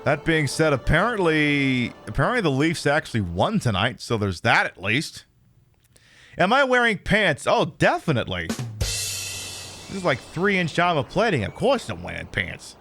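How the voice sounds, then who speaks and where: A man's voice: a little high, normal speed, soft background music. A man streaming a video game, trash-talking the opponents with lots of swearing. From United States. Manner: trash-talking, profane, excitable. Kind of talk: live gameplay commentary.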